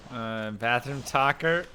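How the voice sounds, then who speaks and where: A man's voice: medium pitch, slight background noise. A man hosting a live game stream, chatting casually and telling stories with frequent laughter. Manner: animated, laughing, storytelling. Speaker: livestream gamer host. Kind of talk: casual chat while gaming.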